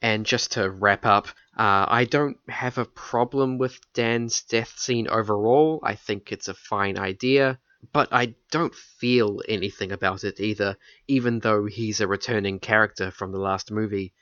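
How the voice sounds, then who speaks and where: A man's voice: lowish voice, unhurried, a bit bright, no room sound. Dry-voiced man on a dull mic. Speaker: podcast co-host. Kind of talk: casual movie discussion.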